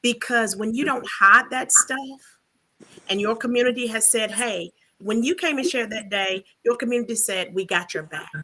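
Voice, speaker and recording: A woman's voice: fairly high pitch, normal speed, pushed and bright, slight background noise, low-quality recording. A woman on a discussion panel, speaking in an emphatic, motivational way. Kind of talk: earnest group discussion.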